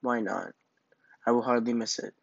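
Guy reading a vain proud little fish, kinda haughty, snaps at folks, flat dull recording. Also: mid-range voice, moderate pace, creaky, no echo. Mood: grudging. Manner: haughty, sharp outbursts.

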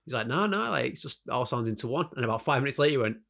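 Fast-talking gravelly northern English man. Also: mid-range voice, fairly bright tone. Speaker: podcast co-host. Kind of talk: casual chat.

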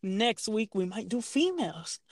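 A man's voice: sits high, very animated, measured pace. A man co-hosting a podcast in casual banter, swaggering and teasing with profane slang. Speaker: podcast co-host.

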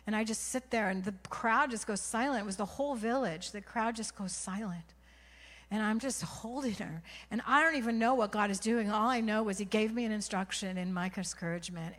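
A woman preaching a sermon, telling a story with strong emotion, dropping to hushed whispers and rising to loud cries. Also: mid-range voice. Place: church. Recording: long hall reverb.

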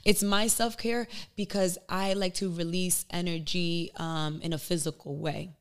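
A woman with a fairly low voice talks candidly in a casual podcast chat. She tells emotional personal stories and slips into quick acted-out lines of her own thoughts. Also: fairly even intonation, smooth. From Dominican family. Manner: candid, emotional storytelling with acted-out inner quotes. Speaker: podcast guest.

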